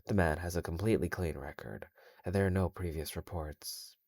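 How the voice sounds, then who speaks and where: A man's voice: deep voice, moderate pace, gravelly, a little mellow, no echo, clean studio sound. A man voicing a dismissive police officer in a spoken horror story, in a matter-of-fact way.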